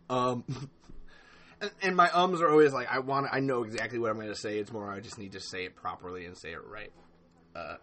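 A man talks alone on a livestream podcast, rambling and swearing freely. His sentences stop and restart around a steady stream of ums and uhs, and he breaks off to answer viewers in the live chat before picking the thread back up. His voice sits at an ordinary middle pitch for a man. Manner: reads and answers live chat mid-rant. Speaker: podcast host. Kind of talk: solo livestream podcast rant.

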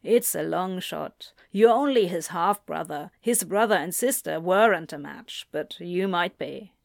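A woman voicing a middle-aged male doctor who speaks in a halting, apologetic way, read slowly and dry. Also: lowish voice, vocal fry, no room sound. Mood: earnest.

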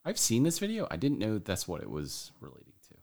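A man's voice: lowish voice, wildly swooping pitch, quick pace, creaky, darkish tone. A man co-hosting a casual podcast, joking, swearing freely and laughing often. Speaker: podcast co-host.

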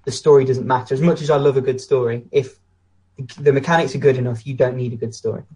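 A man's voice: mid-range voice, steady tone, fast, mellow. A British man co-hosting a casual podcast chat, blunt and opinionated, telling anecdotes. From Britain. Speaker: podcast co-host.

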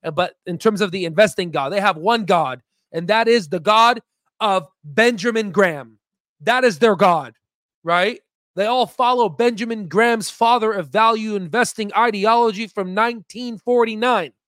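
Male investing host with a higher-than-usual pitch, dry sound; emphatic, rambling, self-promoting commentary. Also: moderate pace, a bit bright, no room sound. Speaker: stock market video host. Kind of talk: casual screen-share commentary.

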